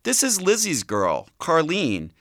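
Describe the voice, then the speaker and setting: A man's voice: fairly high pitch, wildly swooping pitch, slow pace, a bit bright, no echo, clean studio sound, pitched above the performer's own voice, full character voice. A man playing a patient, weary middle-aged son who answers plainly and carefully.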